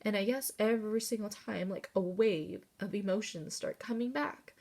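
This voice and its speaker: A woman's voice: medium pitch, moderate pace, few pauses, a little mellow. A woman in her thirties talking candidly in a personal vlog, rambling with fillers and the odd swear word, tearful and close to crying at times. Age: 30s. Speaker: vlogger.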